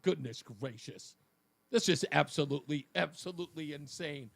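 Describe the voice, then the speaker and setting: Man, New York accent, talk radio host, high voice, joking manner. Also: normal speed, gravelly. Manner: jokey, animated, laughs often. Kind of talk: casual talk radio banter.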